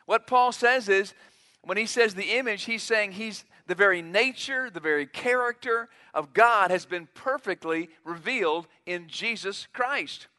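A man's voice: high voice, unhurried, pushed and bright. A man preaching a sermon, emphatic, acting out quotes in a raised voice. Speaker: pastor.

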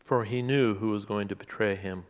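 A man preaching a sermon in a relaxed, conversational way, with asides and restarts. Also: fairly low pitch, normal speed. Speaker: pastor.

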